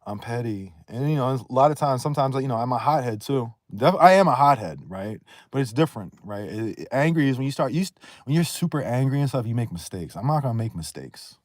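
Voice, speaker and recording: A man's voice: mid-range voice, lively intonation, quick pace, few pauses, no echo. Man, livestreamer, casual rambling talk, blunt, profane, dry close recording. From Northeast United States. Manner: blunt, profane, rambling, snaps into raised rants.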